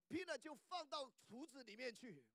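A man's voice: measured pace, no echo. A man preaching a sermon, acting out the people he quotes. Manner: animated, acts out quotes in a high voice. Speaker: pastor.

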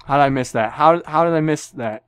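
A man's voice: on the high side, brisk, clear, resonant tone, no room sound. Young male gamer, casual profane commentary, tenor-ish, dry studio-close sound. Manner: profane, joking, sudden yelps. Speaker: gameplay commentator.

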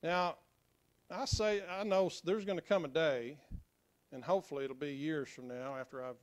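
A middle-aged man preaches from the pulpit, his voice pitched a little high for a man. He jokes lightly with his congregation, then drops into a quiet, earnest tone as he tells stories. His delivery comes in loose, halting phrases. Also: steady tone. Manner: joking asides, then quiet earnest storytelling. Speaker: pastor. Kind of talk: sermon. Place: church sanctuary.

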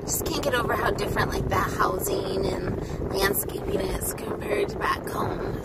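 A woman's voice: mid-range voice, fairly even intonation, measured pace, vocal fry, very noisy. A woman chatting enthusiastically as she films a family trip vlog, with the hiccups. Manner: chatty, enthusiastic narrating while filming. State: has the hiccups. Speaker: vlogger, mother. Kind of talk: casual travel vlog. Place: car, then small grocery store, then bedroom.

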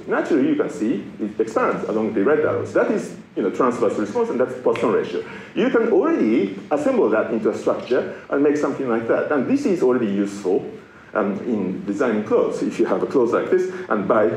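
A man's voice: mid-range voice, a little mellow, a little hiss or hum. A middle-aged man from Japan giving a public science lecture, playful and self-mocking as he explains ideas to an audience. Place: lecture hall. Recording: roomy lecture hall with faint ambience.

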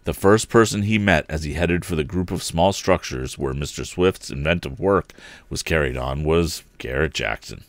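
A man reading an old adventure novel aloud as a livestream storyteller, expressive and voicing each character. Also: a bass voice, moderate pace, no room sound.

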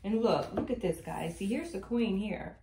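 Casting: animated woman tarot reader, medium pitch, echoey room with faint hiss. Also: normal speed. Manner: emphatic, repetitive, animated storytelling. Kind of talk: spiritual tarot reading to viewers.

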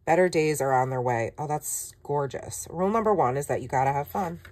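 A woman craft vlogger chatting casually through a product flip-through, gushing and excitable with frequent gasps and exclamations. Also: low-pitched, a little fast, a little hiss or hum.

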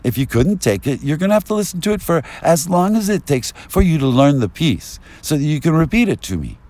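Agitated rambling man, lively pitch. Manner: agitated, rambling, swings into yelling. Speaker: vlogger. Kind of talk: rambling street monologue. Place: outdoors on a street. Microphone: binaural mic.

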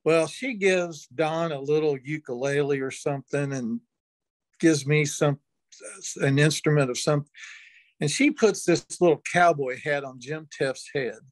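Older man, interview guest, folksy storytelling, chuckles, fairly high voice, dry sound. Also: unhurried, no room sound.

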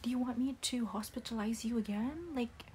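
A young woman playing a disappointed, stern single mother in a whispered role-play, speaking softly and haltingly with many restarts. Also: a little high, a little hiss or hum, lightly acted. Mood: hurt, disappointed. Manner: soft-spoken, halting with restarts.

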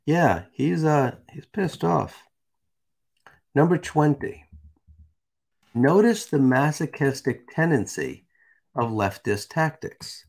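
A man's voice: on the high side, lively intonation, slow, creaky, long pauses, a little mellow. A man hosting a live stream, reading a text aloud and chatting casually with viewers. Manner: casual, chatty, asides to the chat.

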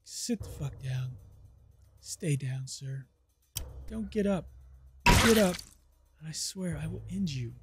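Irritated high-voiced man swearing at a game. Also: lively intonation, slow pace, pauses often, faint music behind. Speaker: gaming channel host. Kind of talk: let's play commentary. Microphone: headset.

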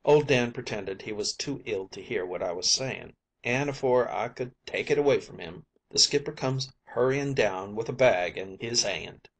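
A man's voice: mid-range voice, normal speed, few pauses. A man reading a comic sea yarn as an audiobook, telling it as an old night watchman in a folksy sailor's dialect. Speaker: audiobook narrator.

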